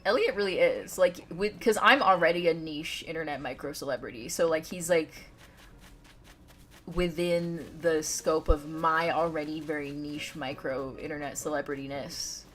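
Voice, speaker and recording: A woman's voice: low-pitched, moderate pace, a bit bright. A woman live-streaming a game from home, chatting and giggling as she talks straight to her chat. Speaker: livestreamer.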